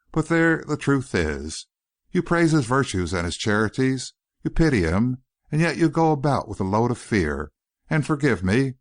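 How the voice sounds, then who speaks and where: A man reading an audiobook voices an earnest, courteous young gentleman who pleads politely and persistently. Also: mid-range voice, natural voice.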